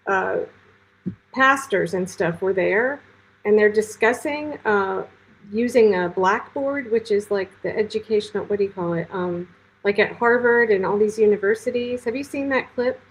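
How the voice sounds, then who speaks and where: A woman's voice: mid-range voice, normal speed, poor audio. A woman co-hosting a podcast, explaining in a rambling, filler-heavy casual way. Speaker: podcast co-host. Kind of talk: casual chat.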